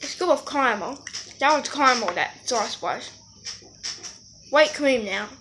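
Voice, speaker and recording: High-pitched girl chatting thru a snack vlog, mouth full, fixing her own words, faint hiss behind. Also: animated, a little slow. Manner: chatty, talks while eating, corrects herself. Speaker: vlogger. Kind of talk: casual eating vlog.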